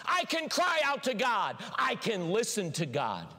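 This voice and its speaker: A pastor preaching a sermon in a church, animated, acting out little voices and shouting for emphasis. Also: male voice, high voice, unhurried. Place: church sanctuary. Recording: long hall reverb.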